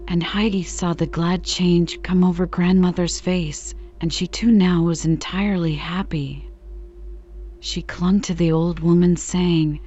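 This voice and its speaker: A woman narrates a classic children's book in a calm, measured way. Her voice is mellow and slightly low, and the recording sounds a little dull. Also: faint music behind. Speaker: audiobook reader.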